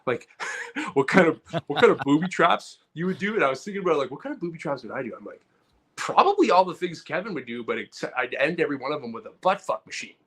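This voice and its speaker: A man co-hosting a comedy podcast, telling a story in a casual, animated way and acting out loud outbursts. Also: on the high side, fast talker, husky. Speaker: podcast co-host.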